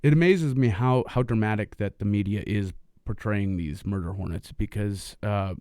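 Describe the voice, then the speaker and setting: A man's voice: lowish voice, normal speed, dark tone, smooth, dry recording, clean studio sound. A man co-hosting a casual podcast, rambling with lots of ums and uhs. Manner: rambling, filler-heavy, laughs easily. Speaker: podcast co-host.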